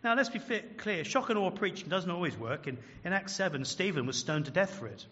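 A man's voice: high voice, expressive, brisk, pushed and bright, long reverb tail, highs cut off. A man preaching a sermon as pastor, earnest and emphatic, often asking the congregation questions. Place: large church.

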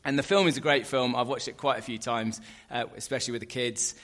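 A man preaching a sermon in a relaxed, conversational way, with fillers and light asides. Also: mid-range voice, quick pace.

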